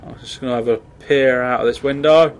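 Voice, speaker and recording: A man's voice: medium pitch, steady tone, a little fast. A man giving jokey, mildly sweary let's play commentary on a horror game. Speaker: gamer.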